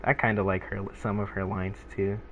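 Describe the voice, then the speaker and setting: A teenage guy rambles with his viewers in a loose, laid-back way, piling up fillers and restarts. His voice sits a little low. The sound is thin and tinny like a phone line, with a faint hiss behind it. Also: flat delivery, moderate pace. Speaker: gaming streamer. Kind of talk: casual rambling chat with viewers.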